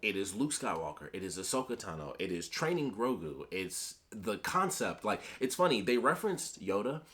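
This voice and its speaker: A man with a fairly low voice reviews a show in loose, casual talk. He rambles, trails off and restarts, and he swears now and then when he gets worked up. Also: very animated, normal speed, fairly bright tone. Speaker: YouTube reviewer.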